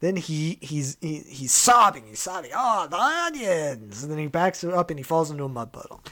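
A man hosting a casual comedy podcast and retelling a cartoon plot in a playful, animated way. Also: on the high side, a little fast. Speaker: podcast host.

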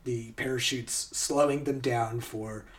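A man hosts a podcast in a loose, chatty way, laughing often and filling his talk with ums and restarts. His voice sits in a middle pitch and sounds a little distant from the microphone. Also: fairly even intonation, slow pace. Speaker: podcast host. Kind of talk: casual podcast chat.

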